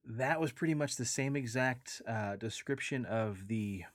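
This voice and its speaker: A man's voice: mid-range voice, a little slow, dry recording, clean studio sound. A man hosting a podcast, chatting casually and enthusiastically, swearing freely. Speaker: podcast host. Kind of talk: casual chat.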